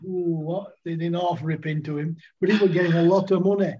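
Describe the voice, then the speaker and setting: A man's voice: fairly high pitch, a little fast, a little mellow, breathy edge, highs cut off. An older man telling rambling cricket-club anecdotes in a casual chat, often laughing. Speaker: guest, former cricketer. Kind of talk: casual storytelling.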